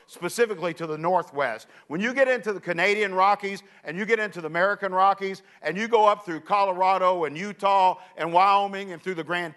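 A man's voice: sits high, a bit bright. A man preaching, telling a folksy story with asides to the audience. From Kentucky. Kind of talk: storytelling sermon.

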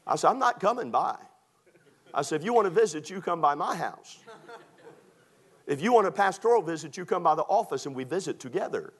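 Preacher, man, folksy and funny, slightly high voice, acts out both sides of a conversation. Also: animated, fast, breathy edge. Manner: folksy, humorous, acts out dialogue. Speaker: pastor. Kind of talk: storytelling sermon.

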